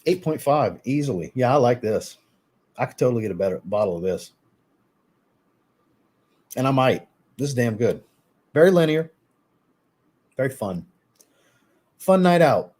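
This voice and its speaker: A man hosting a fragrance live stream, reviewing scents in relaxed, chatty talk and answering viewers' chat. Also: mid-range voice, moderate pace, long pauses, breathy edge.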